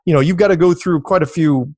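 A middle-aged man telling stories as an interview guest, rambling and repeating himself, jumping high when he quotes others. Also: quick pace, crowd noise. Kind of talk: casual storytelling.

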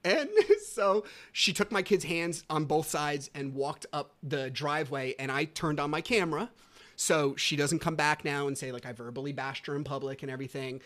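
Male podcast host, casual storyteller, animated, swears freely. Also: a little high, normal speed. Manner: animated, profane, gleeful.

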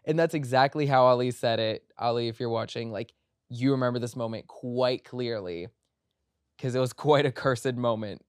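A man in the middle of his pitch range, telling a sprawling story in a casual, animated way. He swears freely and goes off on tangents, now and then jumping into a high, mocking voice to quote someone. The sound is dry and close, with no room echo. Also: moderate pace, smooth. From Egyptian family background. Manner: animated, breaks into high mimicking voices when quoting people; profane, tangent-filled storytelling. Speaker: podcast host.

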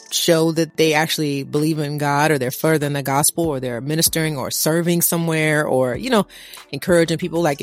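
Animated preaching woman, faint music. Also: low-pitched. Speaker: podcast co-host. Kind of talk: casual faith talk.

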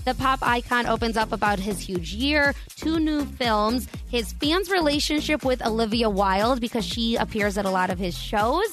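A woman co-hosting a morning radio show, reading a quick entertainment news rundown with chatty asides. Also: fairly high pitch, fairly bright tone, soft background music.

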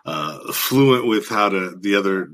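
A man's voice: sits low, animated, a little slow, fairly bright tone. An American man hosting a casual interview chat, talking in a rambling, hesitant way with many fillers and restarts. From United States. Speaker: host.

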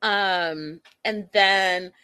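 A woman hosting a casual recap of a reality show, gossipy and animated, laughing at the scenes she retells. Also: mid-range voice, extremely slow, clean tone. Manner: animated, gossipy, laughs at her own quotes. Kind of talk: casual chat.

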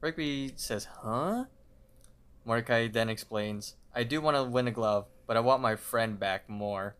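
Smooth-voiced man co-hosting a podcast. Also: mid-range voice, moderate pace, a bit bright. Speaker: podcast co-host. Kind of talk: casual episode recap.

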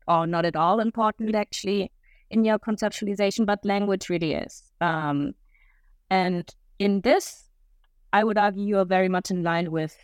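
Interviewer, measured and careful, smooth clear voice, dry sound. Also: medium pitch, no echo. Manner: careful, measured questioning with fillers. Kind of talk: podcast interview question.

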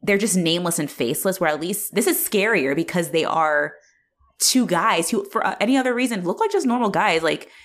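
A woman with a low, grounded voice talks through a film in relaxed, casual conversation. She is chatty and animated, scattering filler words as she retells scenes. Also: fairly quick.

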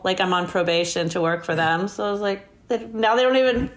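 Woman telling a story, laughs a lot, animated, acts out the quotes. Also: fairly high pitch, brisk. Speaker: guest. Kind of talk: casual storytelling interview.

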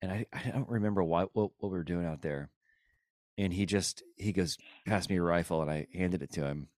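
A man's voice: low voice, a little fast, darkish tone, no echo, studio quality. A man telling a casual anecdote in a laid-back way, laughing between lines.

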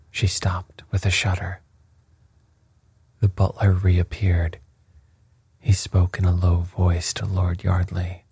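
A male narrator reads in a soft, measured whisper. His voice is low and dark, very breathy. The sound is dry and close to the mic. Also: monotone, no room sound. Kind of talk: whispered storytelling.

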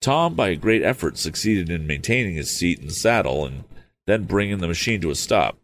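A man's voice: deep voice, big pitch swings, a little fast, a little hiss or hum. A man reading an old novel aloud, stopping for hesitant, apologetic asides. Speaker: audiobook reader.

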